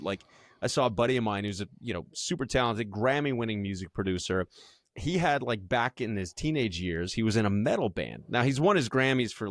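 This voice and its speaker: A man co-hosting a podcast in casual chat, animated and thinking aloud with restarts. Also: fairly low pitch, dry recording, studio quality. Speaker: podcast co-host.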